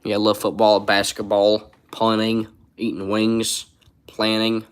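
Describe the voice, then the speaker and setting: A sports livestreamer rambles casually through his stream, pausing to read viewers' chat comments out loud. His low voice stays fairly flat in pitch, and he speaks unhurriedly with a clean tone.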